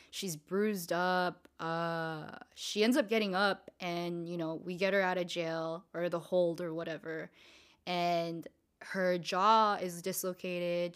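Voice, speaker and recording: Casual, profane young woman telling a story. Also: on the low side. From Southern California. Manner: casual, profane, lots of filler words.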